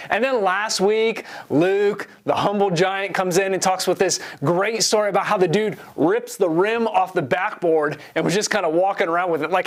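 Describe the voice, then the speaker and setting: A man in his forties preaching a sermon, telling a self-deprecating story in an animated way. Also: sits high. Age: 40s. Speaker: pastor.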